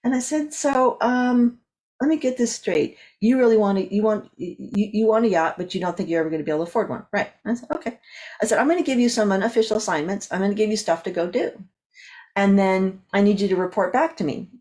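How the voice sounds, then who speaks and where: Lively woman telling a story. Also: mid-range voice, fast. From California. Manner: lively storyteller, acts out quoted dialogue. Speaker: guest speaker and coach. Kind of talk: animated storytelling in conversation.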